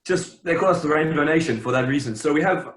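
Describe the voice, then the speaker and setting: A man's voice: a little high, fast. A young South African man with a South African accent, chatting casually as an interview guest, rambling with lots of fillers and restarts. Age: young adult. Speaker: interview guest, champion swimmer. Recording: roomy, echoey sound.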